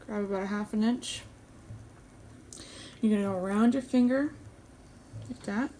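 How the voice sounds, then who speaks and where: A woman hosting an embroidery tutorial, calmly explaining each step as she works with her hands at a table. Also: medium pitch, moderate pace, slight background noise. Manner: calm, step-by-step explaining while stitching. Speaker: embroidery channel host.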